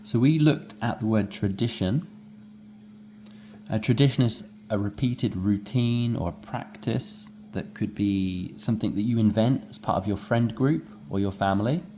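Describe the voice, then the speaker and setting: Man, English teacher, low warm voice, animated lesson delivery. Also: a little slow, slight background noise. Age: adult with young children. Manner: animated, demonstrates rising inflection. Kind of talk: explaining a textbook dialogue.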